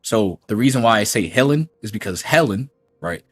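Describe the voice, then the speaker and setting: A man's voice: lowish voice, animated, brisk, husky, no echo. A man ranting on his gaming channel in a mocking, combative way as he reacts to a critic's clip. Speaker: YouTube gaming commentator. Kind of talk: reaction rant.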